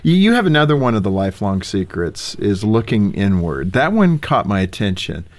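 Low-voiced, lively male host. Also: moderate pace. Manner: conversational, questions and light banter. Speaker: talk show host. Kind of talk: conversational interview.

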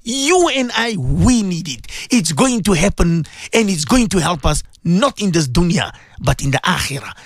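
A man's voice: sits high, big pitch swings, normal speed, no room sound, clean studio sound. A man preaching on the radio, impassioned and pleading, repeating his points. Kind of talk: radio sermon.

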